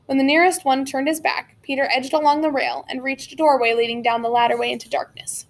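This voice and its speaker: A woman narrating a children's adventure novel as an audiobook, with steady storytelling and occasional slips and restarts. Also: sits high, a little fast, slight background noise. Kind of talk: reading a children's novel aloud.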